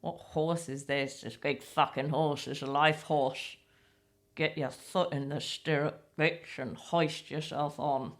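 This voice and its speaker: A woman's voice: deep voice, steady tone, slow. A woman voicing a crude, cynical male monkey puppet who swears bluntly and teases, in a comedy podcast. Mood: bossy.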